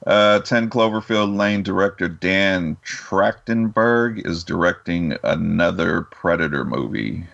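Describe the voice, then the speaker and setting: A man's voice: deep voice, lively intonation, measured pace, creaky, hardly any pauses, a bit bright, dull audio. A man co-hosting a casual podcast, reading news items with lots of "uh" fillers.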